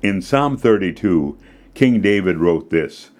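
A man's voice: on the low side, very animated, takes it slowly, darkish tone. A man narrating a children's devotional story, earnest and direct with his young listeners. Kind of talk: scripted narration.

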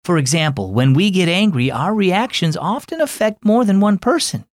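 A man voicing a calm, gently firm mother in a children's audio story, using a raised, soft motherly tone. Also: sits high, moderate pace, dry recording, clean studio sound, pitched above the performer's own voice. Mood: gentle.

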